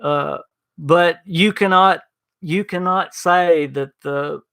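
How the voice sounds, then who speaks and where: A man's voice: on the high side, fairly even intonation, takes it slowly, gravelly, pushed and bright, clear, resonant tone. A man hosting a gaming podcast livestream, rambling casually, stumbling over restarts and answering chat messages by name. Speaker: podcast host reading live chat.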